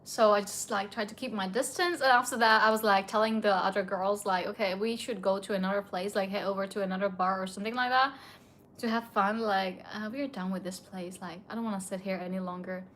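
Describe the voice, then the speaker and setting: A woman's voice: mid-range voice, fairly even intonation, brisk, fairly bright tone, a little hiss or hum. A young woman from India, telling a personal story to her viewers in a chatty, indignant way, filling her talk with "like". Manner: chatty, indignant, heavy use of filler "like". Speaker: vlogger. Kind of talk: casual storytime monologue.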